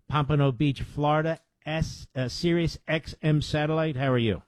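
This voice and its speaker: A man's voice: fairly high pitch, steady tone, normal speed, hardly any pauses, dry recording. A man hosting a talk radio show, reading sponsor spots and taking calls in an emphatic, indignant way. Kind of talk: talk radio monologue and call-in.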